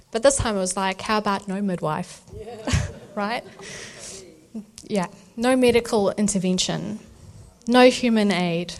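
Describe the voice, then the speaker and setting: A woman, telling a birth story as church testimony and acting out the voices of the people in it. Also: medium pitch. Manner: animated storytelling, acts out voices. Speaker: speaker sharing a birth testimony. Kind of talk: testimony talk at a church event.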